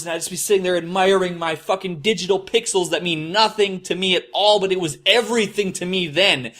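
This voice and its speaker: Profane, rambling man with a bright voice. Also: high voice. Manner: rambling, swears constantly, mocks his past self. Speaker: host. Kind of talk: profane confessional monologue.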